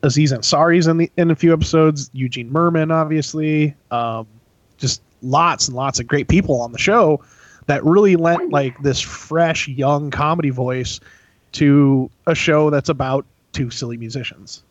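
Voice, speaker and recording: Man, casual podcast chat, rambling, many fillers, slightly high voice, muffled dry sound. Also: normal speed, no echo. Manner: rambling, heavy "like" filler, laughs often.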